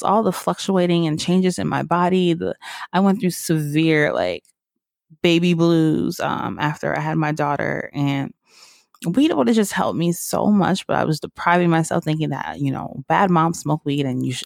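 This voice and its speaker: A woman's voice: deep voice, vocal fry, dry recording, studio quality. A woman from the American South, a podcast host, telling her own story in a rambling, casual way with lots of fillers and frequent laughs.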